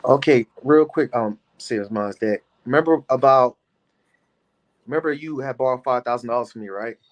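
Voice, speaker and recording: Man co-host, mid-pitched voice, loose conversational delivery. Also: normal speed, low-quality recording. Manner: conversational, loose, asks questions. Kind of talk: casual chat.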